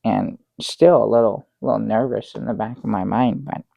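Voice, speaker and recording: An actor playing a bumbling middle-aged guest who rambles through a tall tale with many restarts, in improvised sketch comedy. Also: male voice, fairly low pitch, normal speed, creaky, mellow, no room sound. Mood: dry, halting. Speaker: guest on a comedy talk show.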